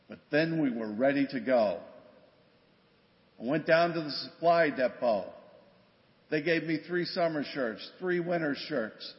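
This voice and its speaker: An older man recounts his rookie police days in plain, conversational storytelling, slipping into bits of quoted dialogue. His voice sits a little high. A long church reverb trails his words on a dull recording. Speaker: guest speaker, former police officer. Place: church sanctuary.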